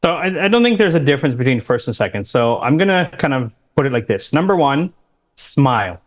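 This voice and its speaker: A man's voice: mid-range voice, sing-song, fairly quick. Emphatic man giving interview advice. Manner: emphatic, instructive, quotes interview lines. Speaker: career coach guest. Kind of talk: advice-giving podcast talk.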